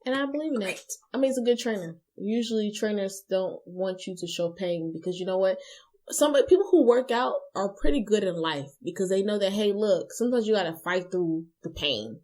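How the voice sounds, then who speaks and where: A young woman co-hosting a casual chat show, talking in an animated way and acting out little voices as she tells stories. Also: medium pitch, fairly quick. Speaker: co-host.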